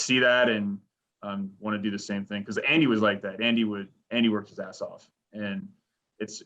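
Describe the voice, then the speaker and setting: Rambling man with a bright voice. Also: lowish voice, highs cut off. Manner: rambling, full of likes and restarts. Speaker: sports director and reporter, podcast guest. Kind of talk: casual interview chat.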